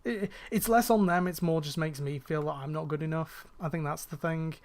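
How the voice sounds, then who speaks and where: A young northwest England gamer talks brisk and casual in a highish, slightly mellow voice, his northern accent faint and fairly neutral. Hosting his channel, he rambles chattily with plenty of fillers and restarts.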